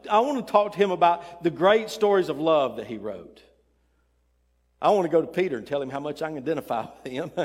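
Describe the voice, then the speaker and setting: An older man preaching a sermon, emphatic and swinging between loud fervor and soft tenderness, in a church. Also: fairly high pitch. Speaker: pastor. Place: church sanctuary. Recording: long church reverb.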